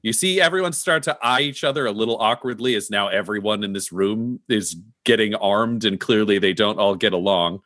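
A man narrating a tabletop role-playing game as game master, animated and descriptive, with frequent fillers. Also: lowish voice, a little fast, few pauses, no echo, studio quality.

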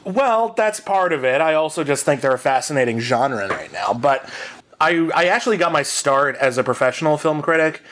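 A man's voice: fairly high pitch, big pitch swings, normal speed, a bit bright. A man co-hosting a podcast, telling a long comic story in a rambling, self-mocking way with many fillers. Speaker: podcast co-host. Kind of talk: casual storytelling.

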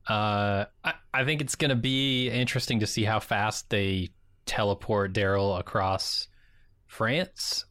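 A man's voice: fairly low pitch, fairly even intonation, a little slow, fairly bright tone, clear, resonant tone, no echo, studio quality. A man co-hosting a podcast in casual chat, with a wry, sarcastic manner. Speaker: podcast co-host.

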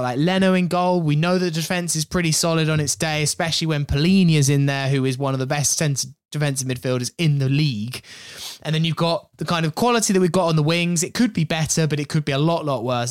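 A man co-hosting a casual football podcast, thoughtful and hedging with frequent "I think" and "like". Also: fairly high pitch. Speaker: podcast co-host.

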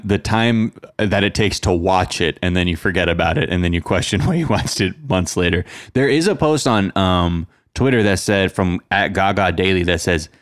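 A relaxed male podcast host chats and jokes, leaning on filler words. His voice sits on the low side. The sound is dry and close. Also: dry recording. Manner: laid-back, joking, with lots of filler words. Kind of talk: casual chat.

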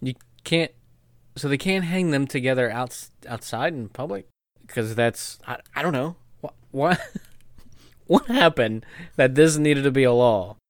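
A man's voice: medium pitch, animated, a little slow, no room sound, studio quality. A man co-hosting a casual comedic chat, incredulous and stammering when puzzled.

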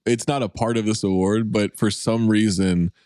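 A man's voice: fairly low pitch, fairly even intonation, moderate pace, dark tone, no room sound, studio quality. A man co-hosting a podcast, agreeing easily and chatting casually. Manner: agreeable, easygoing. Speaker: podcast co-host.

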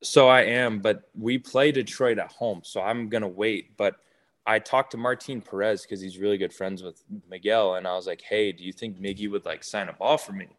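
A man's voice: fairly low pitch, moderate pace. A young man, a baseball player, casually telling stories in an interview and acting out what others said. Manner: animated, acts out quotes of others.

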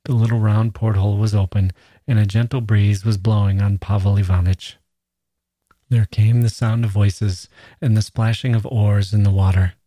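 Low, husky-voiced man reading a story. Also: level tone, warm tone, no echo. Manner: measured, storytelling. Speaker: podcast host and reader. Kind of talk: scripted literary reading.

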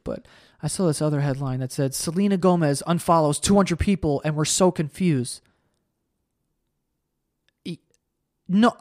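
Young man, podcast host, solo rant, heated, profane, sarcastic, slightly high voice. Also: dry recording, studio quality.

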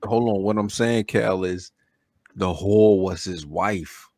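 A man's voice: sits low, slow pace, a little mellow, dry recording, clean studio sound. A man heckling friends bluntly on a rowdy podcast. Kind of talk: rowdy casual chat.

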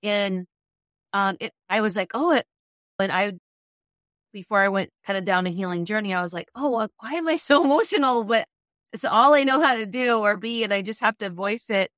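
A woman's voice: medium pitch, moderate pace, fairly bright tone, no echo. Chatty woman host, dry close voice. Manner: chatty, acts out her own past remarks, trails off. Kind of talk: casual conversational interview.

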